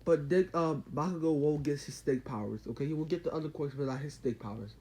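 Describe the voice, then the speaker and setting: A man excitedly retelling a story, rambling, full of fillers and spoken sound effects like boom and pow. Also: fast, rough recording. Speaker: channel host.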